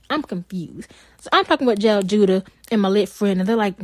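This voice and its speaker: A woman co-hosting a podcast, telling a story in an animated, exasperated way. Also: medium pitch, normal speed, no echo. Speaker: podcast co-host. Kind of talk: casual storytelling chat.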